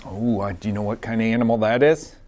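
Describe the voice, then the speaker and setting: A man reading a children's picture book aloud, gently pausing to ask the listener questions about the pictures. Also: on the low side. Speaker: storybook reader.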